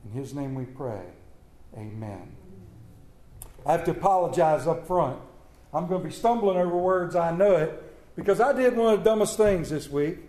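A man's voice: high-pitched, brisk, mellow, reverberant. A man preaching a folksy sermon, reading scripture and talking conversationally, stumbling a little over words because of a swollen lip.

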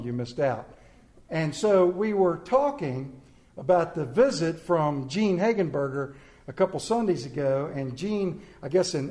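A male pastor preaching a Sunday sermon, animated and joking with the congregation, swinging between loud emphasis and quiet asides. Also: fairly high pitch. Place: church sanctuary. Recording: echoey church room.

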